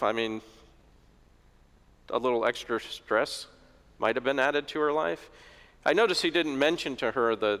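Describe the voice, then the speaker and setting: Joking preacher in an echoey church. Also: male voice, mid-range voice, fairly bright tone. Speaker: pastor. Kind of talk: sermon.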